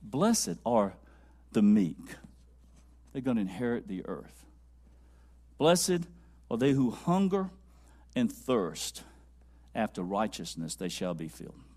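A man preaching a sermon, swinging from loud high-pitched exclaiming to low quiet musing, repeating lines for emphasis and dropping to a near whisper. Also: sing-song, takes it slowly, long pauses.

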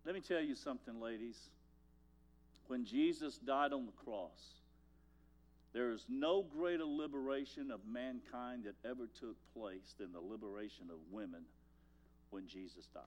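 An older man preaching a sermon as pastor, telling folksy stories and swinging from loud lines to hushed ones. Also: medium pitch, moderate pace.

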